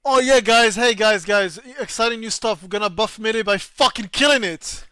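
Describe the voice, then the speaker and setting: A man's voice: high-pitched, normal speed, clear, resonant tone, no echo, pitched above the performer's own voice. A man mimicking a furious ranting gamer. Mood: angry rant. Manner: shouty, swearing, exasperated. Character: furious adult male gamer ranting about a patch.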